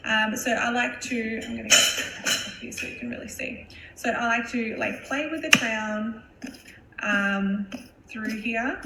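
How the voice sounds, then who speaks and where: A woman's voice: fairly high pitch, fairly bright tone. A woman hairstylist giving a chatty live-stream tutorial, explaining step by step while she works, with plenty of fillers. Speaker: hairstylist educator. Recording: roomy with faint background hum.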